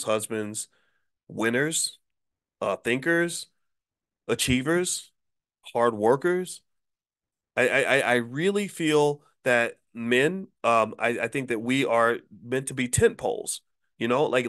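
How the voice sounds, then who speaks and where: A middle-aged man hosting his channel, telling a personal story in a casual monologue with animated delivery and frequent stammered restarts. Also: mid-range voice. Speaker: channel host. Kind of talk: casual spoken monologue with anecdote.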